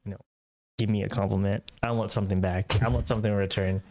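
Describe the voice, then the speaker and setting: Podcast co-host, male, lowish voice, laid-back explainer, leans on filler phrases. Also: fast talker, no echo. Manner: relaxed, explains with many fillers and repeats "pretty much". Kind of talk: casual chat.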